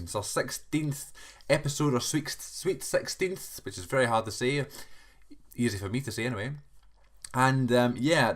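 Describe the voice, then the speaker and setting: A male podcast host giving a chatty, rambling solo cold open, joking at his own expense and restarting sentences. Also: lowish voice.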